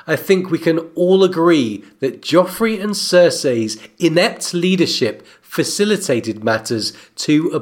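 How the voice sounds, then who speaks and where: Guy co-hosting a show breakdown, slow and thoughtful, lots of pitch movement. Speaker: co-host. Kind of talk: book and TV analysis with read-aloud passages.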